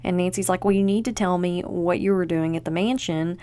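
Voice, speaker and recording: A woman's voice: fairly low pitch, steady tone, fairly quick, mellow. Chatty woman recapping an old show. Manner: chatty, acts out quotes from the show. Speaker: podcast host. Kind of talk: casual episode recap.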